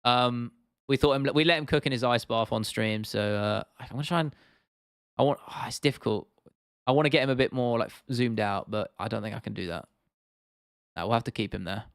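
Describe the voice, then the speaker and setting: A young British man in his twenties chats through a livestream, reacting to viewer comments. His voice is smooth and resonant at a middling pitch, and the sound is close and dry. He talks loosely, swears easily and calls people "bro". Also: brisk, a bit bright, no echo. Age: 20s. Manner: laid-back, chatty, swears casually, says "bro". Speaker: livestream host. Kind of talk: casual livestream chat reading viewer comments.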